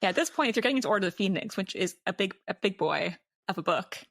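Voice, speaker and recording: A woman's voice: mid-range voice, expressive, racing, fairly bright tone, no echo, studio quality. Easygoing woman podcast guest. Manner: easygoing, agreeable, laughs often. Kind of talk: casual chat.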